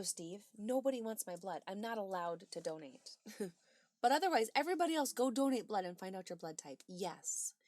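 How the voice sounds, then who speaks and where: A woman's voice: medium pitch, no room sound. Chatty woman answering her stream chat. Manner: chatty, answers chat messages aloud with bright exclamations and soft asides. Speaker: livestream host reading chat. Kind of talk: casual chat.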